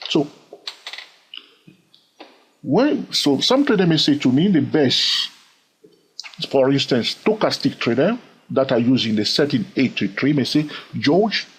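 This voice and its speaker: A man teaching trading in an animated way. He often fills pauses with "okay" and "all right" and repeats phrases as he thinks aloud. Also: medium pitch, breathy edge, low-quality recording. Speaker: trading educator. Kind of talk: instructional talk to camera.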